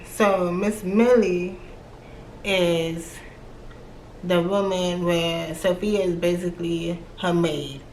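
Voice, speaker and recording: In a casual book review vlog, a young American woman with a lowish voice chats in a slangy way, voicing her own reactions. Her accent blends Atlanta, Virginia and New York. The recording has a roomy echo and faint background noise.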